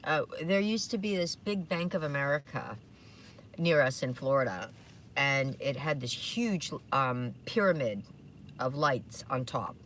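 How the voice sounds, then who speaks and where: A woman's voice: extremely low pitch, expressive, measured pace, fairly bright tone, a little hiss or hum. A woman co-hosting a podcast in casual chat, rambling with lots of fillers and restarts, recorded in a car. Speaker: podcast co-host.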